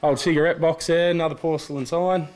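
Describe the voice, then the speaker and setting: Easygoing Australian male guest, slightly high voice. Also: fairly even intonation, fairly quick, darkish tone. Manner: laid-back, says "mate" a lot. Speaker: guest, collector. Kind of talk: casual chat.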